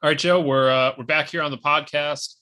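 A man's voice: fairly high pitch, steady tone, brisk, pushed and bright. A man co-hosting a sports podcast in casual chat, loose and full of filler words and restarts. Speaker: podcast co-host.

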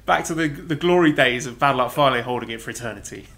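A man co-hosting a wrestling podcast, reading listener questions and answering in a dry, measured, teasing way. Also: mid-range voice, fairly bright tone. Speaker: podcast co-host.

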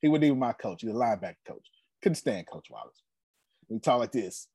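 A man's voice: on the low side, expressive, quick pace, a little mellow, husky, no echo. Emphatic man telling stories, dry sound. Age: 40s. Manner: storytelling, laughs often, emphatic. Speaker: host. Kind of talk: casual business talk.

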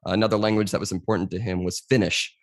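Low-voiced man explaining at length. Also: level tone, racing, dry recording, clean studio sound. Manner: explains at length, often says "you know". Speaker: podcast guest. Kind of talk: casual interview conversation.

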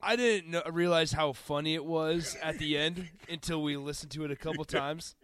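A man's voice: fairly high pitch, fairly even intonation, moderate pace, a bit bright. A man co-hosting a sports talk show, amused and easygoing as he plays the clip. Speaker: co-host.

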